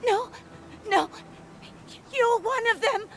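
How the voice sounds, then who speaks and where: A woman's voice: very high voice, slow pace, a little hiss or hum, exaggerated voice. An actress voicing a frightened young woman survivor in a fantasy game, who stammers and trails off. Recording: game audio with music underneath.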